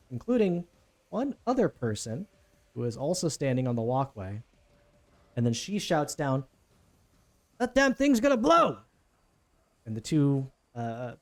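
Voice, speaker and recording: A man's voice: mid-range voice, warm tone. A man running a tabletop game as game master, narrating in a casual, rambling way.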